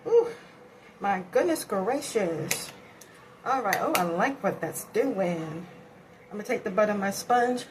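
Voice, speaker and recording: A woman of middle pitch chats her way through a makeup tutorial, rambling and talking to herself as she works. She sounds tired and a little out of breath. A faint hiss sits under the home recording. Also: animated, measured pace, pauses often. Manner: chatty, rambling, self-talk while applying makeup. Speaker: beauty vlogger. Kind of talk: casual makeup tutorial chat.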